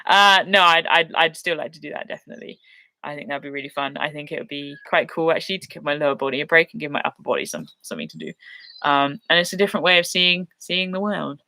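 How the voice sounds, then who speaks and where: A woman's voice: deep voice, quick pace, sharp tone, no echo. Chatty young Englishwoman on a live stream. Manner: chatty, self-deprecating, laughs often. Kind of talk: casual live chat reading viewer questions.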